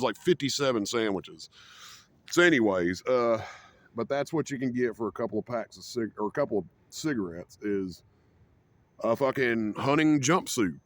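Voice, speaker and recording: Casting: young man ranting to camera, profane and rambling, mid-pitched voice, dry close mic. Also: no room sound. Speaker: vlogger. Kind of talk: casual rant to camera.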